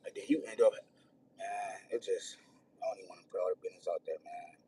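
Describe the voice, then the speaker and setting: A man livestreaming, venting about his troubles while near tears, rambling and repeating himself, swinging from loud outbursts to hushed, almost whispered lines. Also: low voice, fast talker. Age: adult with children. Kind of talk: emotional personal venting. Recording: distant mic, faint room noise.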